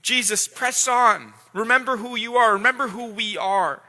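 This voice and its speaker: A man's voice: very high voice, moderate pace, bright, forceful tone, heavily acted. A man preaching from the pulpit who speaks as God the Father, addressing his son with intense, pleading repetition. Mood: urgent. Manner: intense, pleading, repeats words. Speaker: pastor. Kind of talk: dramatic sermon role-play. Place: church sanctuary. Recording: long church hall reverb.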